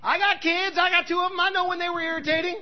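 A man preaching a sermon in a bold, conversational way, dropping in "right?" asides and swinging from loud exclamations to quiet remarks. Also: extremely high pitch, flat delivery, fast talker, muffled recording. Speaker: pastor.

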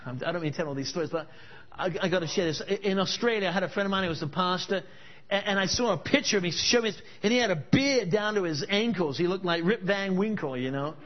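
A man's voice: sits high, fast talker. A male preacher giving a sermon at a church service, telling stories and pressing the crowd with emphatic questions. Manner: storytelling, emphatic rhetorical questions. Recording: dull lo-fi recording.

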